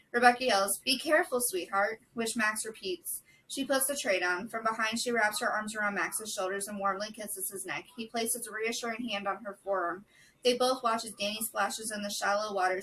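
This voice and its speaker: A woman reading a novel chapter aloud in a steady, measured way, with brief casual asides. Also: medium pitch, recorded from a distance, slight background noise, poor audio. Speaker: book vlogger.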